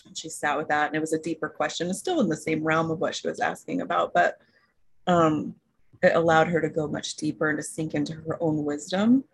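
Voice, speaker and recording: A woman's voice: low voice, fairly even intonation, a little fast, slightly rough, rough recording. A woman coaching student sharing a story from a session on a group call, thoughtful and casual. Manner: thoughtful storytelling, laughs softly.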